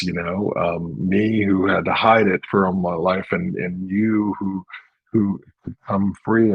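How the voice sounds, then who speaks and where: A man's voice: sits low, gravelly, fairly bright tone, slightly rough, no echo, low-quality recording. A middle-aged man talking earnestly in an interview, telling his story with many restarts. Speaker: interview guest. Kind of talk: casual interview chat.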